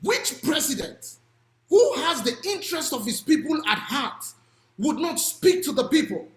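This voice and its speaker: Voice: high voice, sing-song, a little slow, echoey room. A speaker with a Nigerian accent giving an impassioned public talk on advocacy and policy, pressing points with rhetorical questions and sometimes raising the voice. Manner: emphatic, with rhetorical questions and occasional raised voice.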